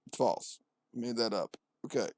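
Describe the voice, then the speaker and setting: A young man doing irreverent comedic commentary, full of slang and swearing. His voice sits at an average pitch. The sound is dry and close, with no room in it. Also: normal speed, dry recording. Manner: profane, mocking, slangy. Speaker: podcast host.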